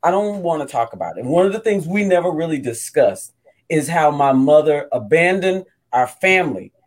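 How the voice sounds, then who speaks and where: A man's voice: medium pitch, very animated, moderate pace, pitched below the performer's own voice. A man voicing a breezy wife who orders takeout instead of cooking, in an improvised comedy sketch, talking in a sing-song, deflecting way. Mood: defensive.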